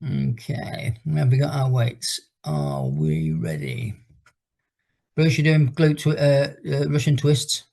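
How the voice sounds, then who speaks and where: A man's voice: mid-range voice, takes it slowly, creaky, darkish tone. A middle-aged man who teaches fitness leads an online exercise class over a video call. He tells a long rambling story and breaks off to count down each exercise. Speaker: fitness instructor.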